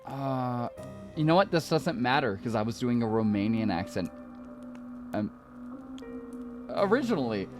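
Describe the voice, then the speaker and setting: A man's voice: medium pitch, very animated, measured pace, long pauses, a little mellow, faint music behind. Rambling, swearing male streamer. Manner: rambling, swears freely, laughs at himself. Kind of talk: casual game-stream chat.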